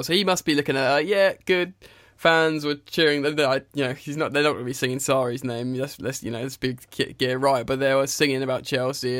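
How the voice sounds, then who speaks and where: A man's voice: medium pitch, a bit bright, no echo. Young man, casual football chat, chatty, swears a lot, dry close sound. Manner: swears freely, chatty, laughs often. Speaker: podcast co-host.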